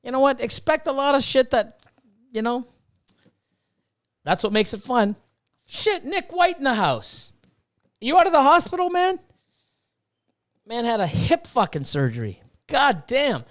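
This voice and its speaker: A fifty-something man with a high-pitched, smooth voice rants profanely and casually. He swears freely and breaks off to read viewers' chat aloud. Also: very animated, a little slow, pauses often, a bit bright. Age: 50s. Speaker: livestream host and snake breeder.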